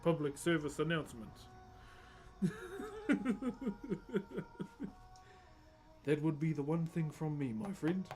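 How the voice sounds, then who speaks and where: A man's voice: on the high side, brisk, few pauses, a little mellow, faint music behind. A man from rural New Zealand with a matching accent, chatting casually and jokingly with viewers on a live stream, calling them brother. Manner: laid-back, jokey, calls everyone brother. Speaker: wood carver streaming live. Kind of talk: casual livestream chat with viewers.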